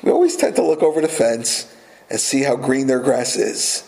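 A man's voice: mid-range voice, sing-song, normal speed, creaky, a little mellow, reverberant, rough recording. A man preaching a sermon as a pastor, earnest and repeating key phrases for emphasis.

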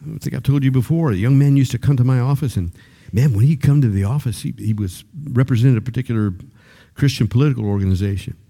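Older preacher with a mellow voice. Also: male voice, quick pace, creaky. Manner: conversational preaching that rises to emphatic high-pitched peaks; repeats words when starting sentences. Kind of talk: sermon.

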